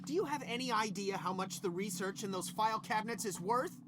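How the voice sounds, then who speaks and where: An actor playing an irritable middle-aged scientist boss who snaps sarcastic insults, then makes stiff apologies. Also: male voice, high-pitched, brisk, noisy background, natural voice. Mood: angry sarcastic. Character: irritable middle-aged male lab boss, hungry and short-tempered. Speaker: senior scientist.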